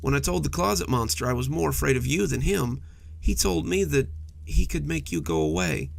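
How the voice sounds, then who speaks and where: Scaredy little bed monster, guy putting it on, stammery and pleading, high voice that wobbles all over. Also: sing-song, moderate pace, creaky, exaggerated voice. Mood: apologetic. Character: timid frightened monster under a child's bed.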